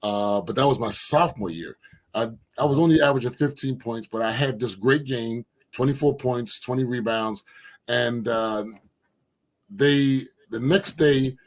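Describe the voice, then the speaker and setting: A man's voice: medium pitch, a little slow. A man, a former basketball player telling stories as a guest and acting out the quotes. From Philadelphia, USA. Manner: animated storyteller who acts out quotes. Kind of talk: casual storytelling interview.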